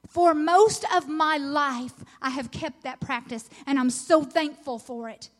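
A middle-aged woman delivers a sermon at a women's conference, earnest and encouraging, her voice sitting high and moving a little slowly. When she reads scripture, she swells into excited emphasis.

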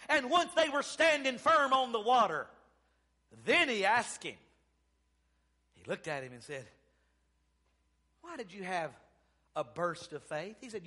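A man preaching a sermon as pastor, calling out amens, dropping low and quiet then rising loud. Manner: preaching with call-and-response amens, swinging from soft to loud.

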